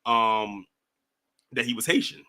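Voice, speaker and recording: A man's voice: mid-range voice, slow, bright, forceful tone. A man hosting a casual call-in show, telling stories animatedly and laughing. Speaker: host of a call-in stream. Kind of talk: casual chat.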